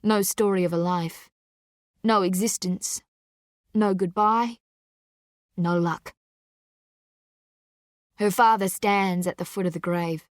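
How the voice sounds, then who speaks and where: Slow, intense woman storyteller. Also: medium pitch, fairly even intonation, dry recording, studio quality. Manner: slow, intense, deliberate delivery. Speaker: narrator. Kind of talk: dramatic storybook narration.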